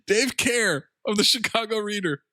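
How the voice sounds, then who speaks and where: A man's voice: high voice, moderate pace, bright, forceful tone, no room sound. A man co-hosting a comedy podcast, reading film reviews aloud with mock-earnest emphasis. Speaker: podcast co-host.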